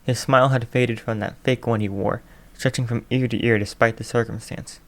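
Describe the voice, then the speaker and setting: Man calmly reading a story aloud. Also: medium pitch, moderate pace. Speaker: fan fiction reader. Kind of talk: audiobook narration.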